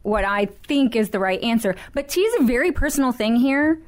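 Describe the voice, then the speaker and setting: A woman hosts a playful interview in a fairly high voice. She is bubbly and gushing, and she keeps the jokes and puns coming. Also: animated, brisk. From United States. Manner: bubbly, enthusiastic, pun-loving. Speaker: interviewer host. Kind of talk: lighthearted interview chat.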